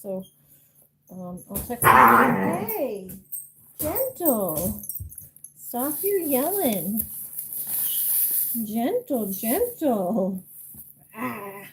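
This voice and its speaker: A woman's voice: on the high side, big pitch swings, very slow, long pauses, a bit bright, slight background noise, rough recording. A young woman streaming live, chatting casually and cooing to her pets. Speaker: livestreamer.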